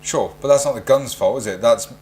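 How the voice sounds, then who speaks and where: A man co-hosting a podcast, pushing back sceptically with quick questions in casual chat. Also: mid-range voice, a little mellow. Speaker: podcast co-host.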